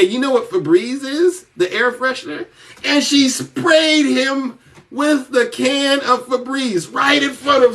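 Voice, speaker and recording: A man hosting a show, telling a comic story in an animated way and calling himself by name. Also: very high-pitched, far from the mic. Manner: animated, refers to himself in the third person. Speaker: podcast host. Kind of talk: comedic storytelling monologue.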